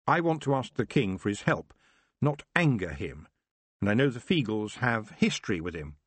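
A man's voice: on the low side, big pitch swings, moderate pace, slightly rough, dry recording. A man voicing a young witch girl who speaks firmly and earnestly. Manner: firm, earnest.

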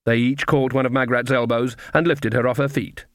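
A man's voice: mid-range voice, fairly even intonation, brisk, no room sound, studio quality. Man reading a fantasy audiobook. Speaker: audiobook reader. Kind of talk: scripted narration.

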